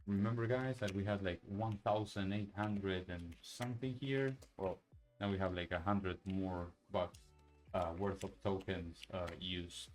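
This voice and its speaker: A man casually walking through a software demo on screen, thinking aloud with many fillers and restarts. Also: low-pitched, fairly even intonation, measured pace, soft background music, rough recording. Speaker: software developer demoing his project. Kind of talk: casual screen-share walkthrough.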